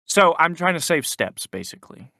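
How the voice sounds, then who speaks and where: A man's voice: a little high, sing-song, moderate pace, creaky, pushed and bright, no echo, clean studio sound. A young man co-hosting a podcast, telling a work story in casual chat with lots of restarts and fillers. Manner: rambling, many restarts, quotes people in put-on voices. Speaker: podcast co-host.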